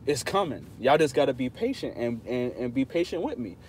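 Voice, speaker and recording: A man's voice: medium pitch, big pitch swings, a little fast, a little mellow, a little hiss or hum. A man hosting a casual livestream, talking straight to his viewers in a playful, insistent way. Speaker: channel host talking to live chat.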